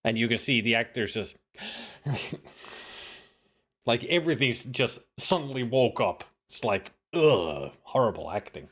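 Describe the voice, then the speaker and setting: A man's voice: mid-range voice, expressive, a little slow, a bit bright. A man casually commenting on a detective game during a live stream, rambling with lots of fillers. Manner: rambling, filler-heavy, hums tunes.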